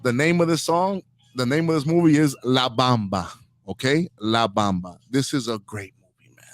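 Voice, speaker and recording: A man's voice: medium pitch, normal speed, dry recording. A man from Inglewood hosting a podcast, delivering an opinionated comedic rant in heated slang. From Inglewood, Los Angeles. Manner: heated and slangy, peppering lines with "dog". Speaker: podcast host.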